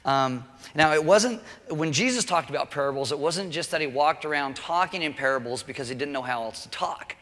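A man preaching a relaxed, conversational sermon, full of joking asides and quick check-ins with the listeners. His voice is fairly high for a man and has a forceful, bright edge. It rings out with the long reverb of a large hall. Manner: chatty, joking asides, keeps checking in with okay. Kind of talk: casual sermon.

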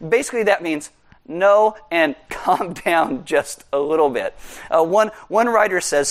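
A man preaching a sermon as pastor, conversational and animated with jokey asides. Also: high-pitched, measured pace.

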